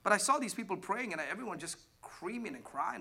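High, bright-voiced preaching man. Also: animated, fast talker, hardly any pauses, slightly rough. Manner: emphatic, swings between shouting and hushed asides; asks the congregation questions. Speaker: pastor. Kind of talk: sermon.

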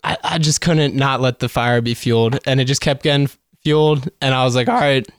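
A man's voice: medium pitch, fairly even intonation, fairly quick, no echo, clean studio sound. A man telling a story about himself in casual chat, self-mocking.

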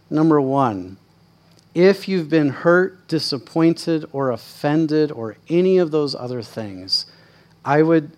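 Casual-sounding man preaching a sermon. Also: on the high side. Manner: conversational, casual preaching with quick asides. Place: church service.

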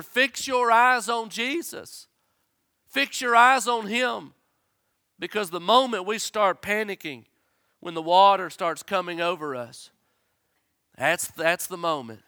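A man preaching a sermon as a pastor, swinging from loud urgency to soft, gentle tones. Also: fairly high pitch, dry recording, studio quality.

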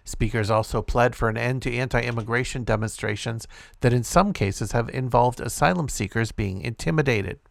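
A man, hosting a short show and reading a news report aloud in a steady, measured way. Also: medium pitch, creaky. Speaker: host.

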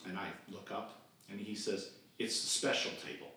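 A man's voice: on the low side, normal speed. A man in his sixties, a podcast guest, telling a childhood camp story and acting out the voices of the people in it. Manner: animated storyteller who acts out quoted voices. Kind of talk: storytelling interview. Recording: distant echoey remote recording with faint noise.

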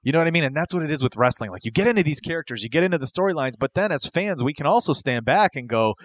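A man chatting casually on a podcast, excitable and rambling, with many fillers and restarts. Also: fairly high pitch, racing, no echo. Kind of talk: casual chat.

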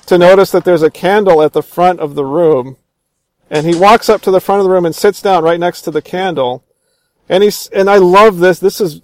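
Eager, fairly high-voiced man in a dry room. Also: dry recording. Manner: enthusiastic retelling, acts out quoted lines; frequent restarts and fillers. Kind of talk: casual chat about a film.

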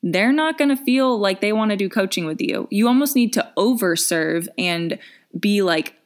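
A woman's voice: mid-range voice, animated, normal speed. A young woman in her twenties giving casual business coaching advice, chatty with lots of fillers and restarts.

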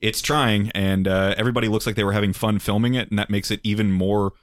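A man's voice: on the low side, steady tone, fast talker, no echo, studio quality. A young man co-hosting a movie podcast, giving blunt, rambling reviews. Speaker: podcast co-host. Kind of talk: casual chat.

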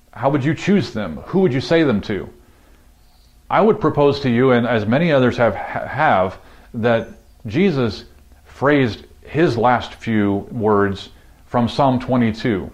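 A man preaching as pastor in a reflective, measured way, pausing with fillers. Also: mid-range voice. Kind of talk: sermon.

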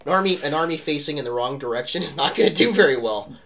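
A man talking history casually as a podcast co-host, animated and rambling, peppering his talk with "like" and "right?". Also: fairly high pitch, quick pace, over a noisy crowd.

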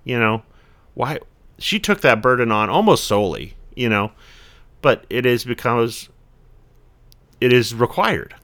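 A man's voice: mid-range voice, animated, measured pace, long pauses, a bit bright. A man in his forties, a podcast guest talking casually and reflectively, rambling with lots of "you know" fillers. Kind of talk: casual conversation.

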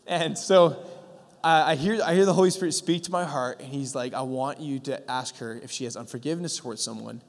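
Guy preaching a testimony, kinda high voice, lots of ums and restarts, echoey church hall. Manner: earnest storytelling with many fillers and restarts. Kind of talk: sermon testimony. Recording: long hall reverb.

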